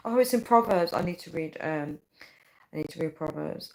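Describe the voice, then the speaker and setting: Low-voiced woman chatting on a livestream. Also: animated, moderate pace, creaky, poor audio. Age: 30s. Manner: chatty, rambling, keeps calling viewers "guys". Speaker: livestream host. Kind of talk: casual livestream chat with viewers.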